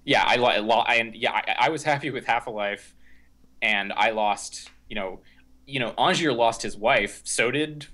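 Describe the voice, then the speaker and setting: A man's voice: mid-range voice, measured pace, pushed and bright. A young man co-hosting a podcast, recapping a film in a rambling, casual way with lots of fillers and restarts. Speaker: podcast co-host. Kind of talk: casual movie discussion.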